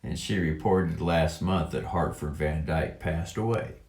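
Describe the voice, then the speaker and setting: A man slowly reading a text aloud and commenting on it in a rambling monologue, halting with drawn-out words and many fillers. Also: very deep voice, a little mellow, reverberant. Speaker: online commentator.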